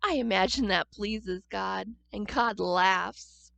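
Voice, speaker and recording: A woman reading a children's picture book aloud at church, gentle and expressive, pausing to ask the listening children questions. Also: mid-range voice, creaky, dry recording. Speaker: church storyteller.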